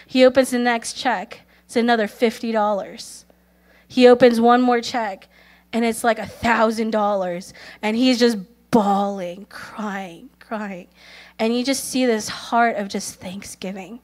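A woman preaching a sermon, telling stories earnestly, calling for amens, and speaking quoted prayers softly. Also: fairly high pitch, steady tone, a little slow. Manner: earnest storytelling, calls for amens; acts out quoted prayers softly, at times in a whisper.

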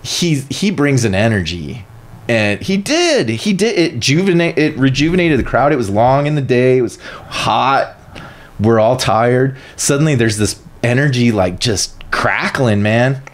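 A man who is an art professor, telling stories in a casual podcast interview with lively, animated delivery. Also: medium pitch, measured pace. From northern United States. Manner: animated, lively storyteller who acts out quotes. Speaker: guest, art professor and printmaker.

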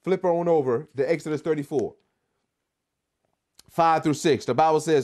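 Leading a Bible study, this man reads scripture aloud, then builds into fervent, emphatic preaching, quizzing listeners with a repeated "what?" in call-and-response fashion. His voice sits on the high side and is a little mellow, moving at normal speed with frequent pauses.

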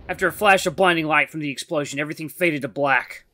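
A game streamer reading the narration of a visual novel aloud in a lowered, steady voice. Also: fast talker, hardly any pauses, background noise.

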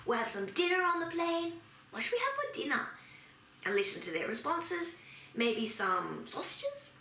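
A woman's voice: extremely high pitch, sing-song, moderate pace, bright, forceful tone. An Australian woman demonstrating a playful preschool activity, acting things out as if for small children. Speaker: early childhood language teacher. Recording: echoey room with faint noise.

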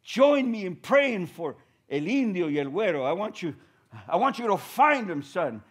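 A man's voice: medium pitch, unhurried, a little mellow. A man voicing his elderly mother, a firm, devout woman who scolds her grown son with fondness. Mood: excited.

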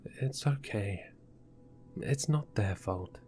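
A man voicing a young wife in a horror story reading, speaking softly and hesitantly. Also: fairly low pitch, lively intonation, takes it slowly, faint music behind. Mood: sleepy whisper. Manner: soft-spoken, hesitant. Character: young wife and homeowner, polite, uneasy.

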